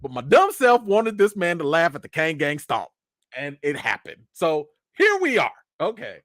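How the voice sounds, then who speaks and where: A man hosting a live stream, telling casual stories in an animated, self-mocking way with lots of slang. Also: fairly high pitch, normal speed, no room sound, studio quality. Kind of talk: casual storytelling.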